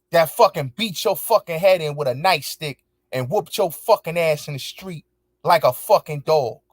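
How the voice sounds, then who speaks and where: A high-pitched male host answers his viewers with an angry, heavily profane rant, repeating his points emphatically. The sound is clean studio audio with no room sound.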